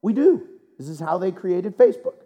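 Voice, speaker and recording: Pastor, male, preaching in church; high-ish, mellow voice, playful and rhetorical. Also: moderate pace, lo-fi sound. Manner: animated, joking, asks rhetorical questions. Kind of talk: sermon.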